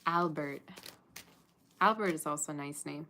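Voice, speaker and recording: A woman's voice: deep voice, normal speed, bright, forceful tone, a little hiss or hum. A woman giving a casual tarot reading to camera, chatty and laughing often as she talks to viewers. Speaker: tarot reader.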